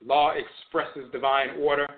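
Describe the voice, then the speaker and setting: Male lecturer, a touch high-pitched, repetitive and emphatic, tinny phone-quality recording. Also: little pitch movement, unhurried. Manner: repeats key terms for emphasis. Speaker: teacher of religion and language. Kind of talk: spoken lecture on religion.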